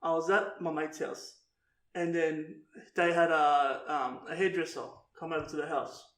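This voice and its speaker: High-voiced laughing podcast guy. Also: little pitch movement, moderate pace, a bit bright, reverberant. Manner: laughs often, swears, calls people bro. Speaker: podcast co-host. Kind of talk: casual podcast chat.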